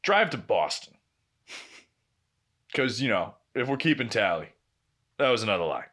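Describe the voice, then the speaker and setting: Bright-voiced man telling a story. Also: on the low side, big pitch swings, a little slow. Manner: profane, laughing anecdotes with quoted dialogue. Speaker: podcast co-host. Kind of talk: casual storytelling chat.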